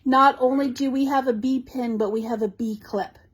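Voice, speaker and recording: A woman with a Canadian accent hosting a live shop showcase of new craft supplies, bubbly and gushing, with quick asides to her viewers. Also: sits high, steady tone, rough recording. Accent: Canadian English. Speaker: shop host showing new craft products. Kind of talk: live product showcase chat.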